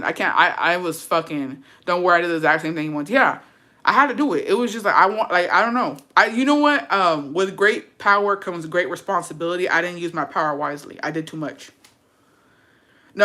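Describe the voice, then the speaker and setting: Young woman, bright tone, profane and animated casual storyteller who mixes in Spanish. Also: fairly low pitch.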